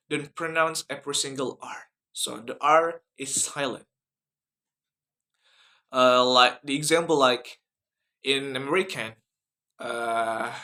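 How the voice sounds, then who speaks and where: A man's voice: mid-range voice, pushed and bright. A young man giving a class video presentation, hesitant, with many fillers and restarts. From Indonesia. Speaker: student presenter.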